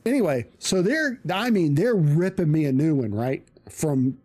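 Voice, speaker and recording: A man's voice: fairly high pitch, lively intonation, a little slow, a little mellow. A male streamer telling a casual story, rambling with restarts and plenty of swearing.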